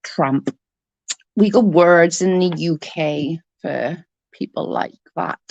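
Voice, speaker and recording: A woman's voice: on the low side, slow, creaky, darkish tone, no room sound, highs cut off. A woman in her forties with a Newport Welsh accent, ranting casually in a blunt, sweary and sarcastic way. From Wales. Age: 40s. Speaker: vlogger.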